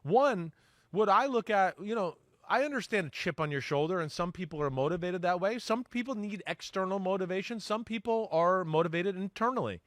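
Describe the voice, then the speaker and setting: A middle-aged former football player talking as a sports analyst, animated, acting out quoted voices and often asking "right?". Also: male voice, high-pitched, fairly quick, no echo. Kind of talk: sports talk show chat.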